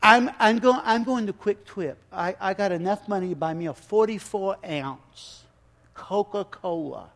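A man voicing a gentle, simple-spoken hitchhiker who stammers and repeats his words. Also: sits high, measured pace, in a large hall. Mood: earnest.

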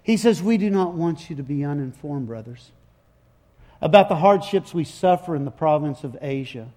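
Man, sermon, high voice, dynamic preaching, quiet asides, shouted chants, folksy retelling. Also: expressive, normal speed. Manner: folksy paraphrase of scripture. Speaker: pastor.

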